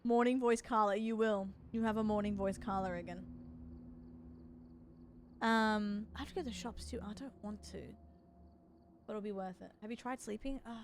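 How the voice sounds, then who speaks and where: A woman's voice: mid-range voice, steady tone, moderate pace, long pauses, slight background noise. A young woman, chatting casually and rambling with her stream viewers from home. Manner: rambling, chatty, laughs often.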